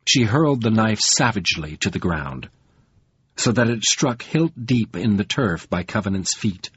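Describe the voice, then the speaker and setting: A man narrating an audiobook in a measured, deliberate reading. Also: fairly low pitch, sing-song, a bit bright, breathy edge, no room sound. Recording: dull, lo-fi sound.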